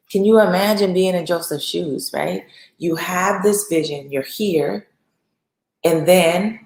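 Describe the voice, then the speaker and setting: A woman talks through a lesson like an informal sermon, chatty and animated as she acts out little asides. Her voice sits on the low side. The room around her is noticeably echoey. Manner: conversational, animated storytelling with acted asides. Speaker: host and speaker. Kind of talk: informal sermon-style teaching.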